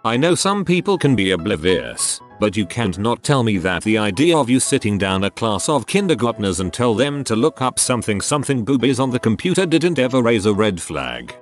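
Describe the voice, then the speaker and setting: Guy reading reddit-style stories, lowish voice, bouncy up and down delivery, soft music under it. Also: big pitch swings, normal speed. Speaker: narrator. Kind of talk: reading online posts aloud.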